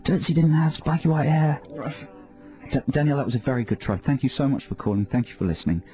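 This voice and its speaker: A male radio host doing deadpan mock-hypnotist patter with callers, speaking into a studio microphone. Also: mid-range voice, quick pace. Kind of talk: comedy radio banter.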